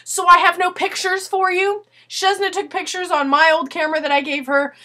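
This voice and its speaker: A young woman telling a story in a casual video letter, animated and swearing, acting out what people said. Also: very high voice, normal speed. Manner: animated, swearing, acts out quotes.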